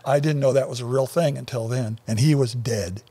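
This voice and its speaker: An older man casually telling a story on a talk show, animated and acting out the people in it. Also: medium pitch, brisk, slightly rough. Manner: animated, acts out the voices of people in his story.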